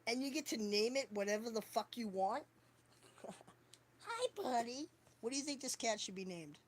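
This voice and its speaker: A woman's voice: on the high side, expressive, moderate pace, slight background noise. Rambling, foul-mouthed woman livestreamer. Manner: profane, rambling, jokey. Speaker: live streamer. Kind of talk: casual livestream chat.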